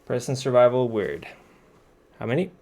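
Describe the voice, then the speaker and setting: A man narrating a tabletop game as game master, relaxed and matter-of-fact, with frequent ums. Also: medium pitch, moderate pace, a little hiss or hum.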